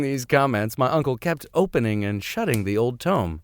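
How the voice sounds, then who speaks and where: Man reading a classic, lively voice. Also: fairly low pitch, normal speed, hardly any pauses, clean tone. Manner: joking modern asides between passages. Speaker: audiobook reader. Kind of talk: reading a classic novel with casual asides.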